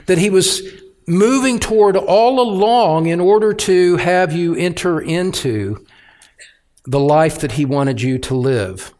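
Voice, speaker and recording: A male pastor delivering an expository sermon at an unhurried pace. His voice sits somewhat high, and he presses his points through emphatic repetition. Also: darkish tone. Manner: deliberate, emphatic preaching.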